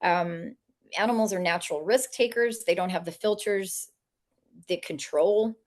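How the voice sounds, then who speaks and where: A woman, an author and animal communicator, telling funny stories in a lively way, laughing often and acting out the voices of people she quotes. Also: on the low side, unhurried. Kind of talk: storytelling interview talk.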